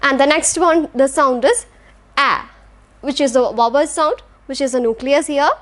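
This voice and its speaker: High-voiced woman teaching English. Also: normal speed, fairly bright tone. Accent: Indian English. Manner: patient, demonstrates words syllable by syllable. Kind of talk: classroom lecture.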